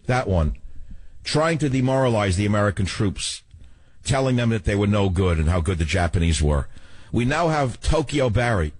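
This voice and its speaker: A man's voice: on the low side, darkish tone, husky, no echo. A man hosting a talk radio show, delivering a combative, ranting monologue full of rhetorical questions.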